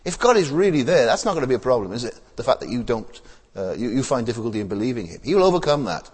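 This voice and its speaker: A man's voice: medium pitch, big pitch swings, fast talker, slightly rough. Man preaching in a reverberant hall. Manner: plain, conversational preaching with many rhetorical tag questions; frequent hesitations and repeated words. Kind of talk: sermon.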